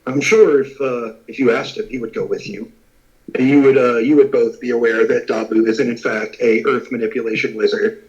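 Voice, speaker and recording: A man voicing a helpful male guild master who talks in halting bits with many pauses, on muffled lo-fi audio. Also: medium pitch, fairly even intonation, darkish tone, pitched below the performer's own voice, natural voice.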